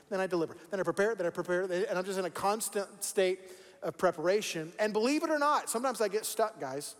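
A man's voice: sits high, fast talker, long reverb tail. A man preaching a sermon as pastor, conversational and repeating words for emphasis. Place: church sanctuary.

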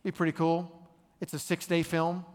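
A male pastor preaching a sermon in a church, conversational and animated as he tells the story. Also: fairly high pitch, moderate pace, long reverb tail.

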